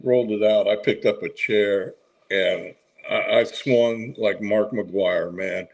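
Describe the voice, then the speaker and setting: A man's voice: on the low side, fairly even intonation, slow pace, low-quality recording. A man, a veteran wrestler, telling a laid-back anecdote in casual chat. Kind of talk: casual storytelling.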